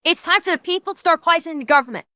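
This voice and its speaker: A woman's voice: very high voice, rapid-fire, sharp tone, no echo. A woman streamer ranting and swearing while reacting, stammering and repeating herself. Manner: profane, stammering, heated ranting.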